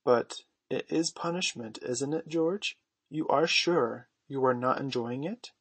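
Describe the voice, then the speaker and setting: A man voicing a gentle, anxious mother who speaks timidly and pleads. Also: medium pitch, a little slow, breathy edge, dry recording.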